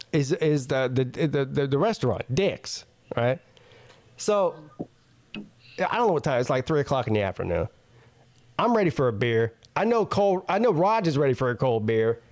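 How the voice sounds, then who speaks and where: A man hosting a call-in show, telling a crude story in a loud, laughing, animated way. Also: on the high side, moderate pace, long pauses. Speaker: show host.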